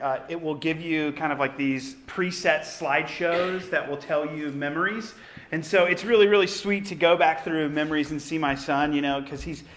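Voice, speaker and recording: A man's voice: high voice, a bit bright. A man, the lead pastor, preaching a sermon in a conversational storytelling manner.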